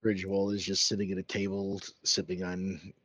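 A man's voice: low-pitched, level tone, fairly quick, a bit bright, husky, no room sound. A man playing a tabletop game, describing his character's actions in a hesitant, casual way. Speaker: player. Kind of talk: casual tabletop role-play.

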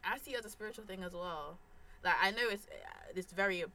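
A woman's voice: mid-range voice, fast talker, pushed and bright. A young woman co-hosting a casual podcast in a small studio, chiming in and repeating phrases as she talks. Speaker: podcast co-host. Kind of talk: casual chat. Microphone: studio microphone.

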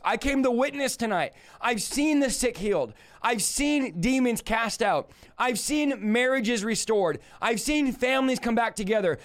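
A man preaching a live-streamed sermon with fiery energy, shouting and then dropping into low rhetorical asides.

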